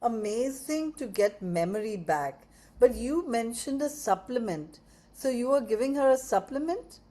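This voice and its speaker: A woman's voice: a little high, expressive, measured pace, warm tone. A woman hosting an interview, encouraging her guest and reading out questions from viewers. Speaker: interview host.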